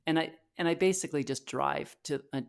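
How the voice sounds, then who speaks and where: Low-voiced woman sharing a raw story. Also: brisk, creaky. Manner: candid, emotional retelling with frequent fillers and restarts. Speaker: podcast co-host. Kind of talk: personal storytelling.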